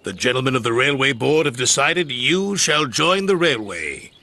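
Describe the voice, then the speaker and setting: A man's voice: medium pitch, animated, moderate pace, sharp tone. A man doing a proud, firm railway boss. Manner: proud, commanding. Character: kindly stout railway controller, proud and firm. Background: background music.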